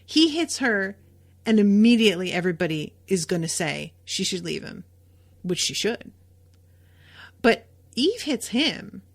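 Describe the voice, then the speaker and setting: Woman podcast host with a mid-range voice and a slow, easy delivery; casual episode recap, emphatic and a bit profane. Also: mid-range voice. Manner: chatty and emphatic, with frequent fillers and occasional swearing.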